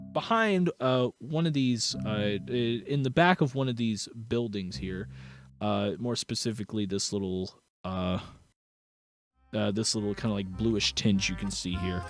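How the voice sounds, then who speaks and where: A man's voice: medium pitch, moderate pace, faint music behind. A young man narrating as game master of a tabletop game, rambling with lots of fillers and restarts.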